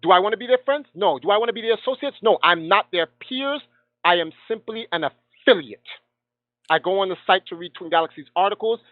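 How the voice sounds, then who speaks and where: A man's voice: high-pitched, a little fast, dry recording. A man with a somewhat raised voice tells a heated story with passion. He slips into the voices of the people he quotes. He comes through a thin, tinny phone line with no room sound around him. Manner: passionate, acts out quoted dialogue. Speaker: guest gamer.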